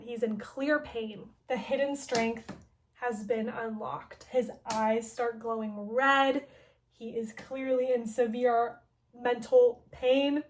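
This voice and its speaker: A woman's voice: on the high side, fairly bright tone, slight background noise. A young woman casually recapping a story game, chatty and joking, filling her speech with "like". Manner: chatty, heavy use of "like", joking asides.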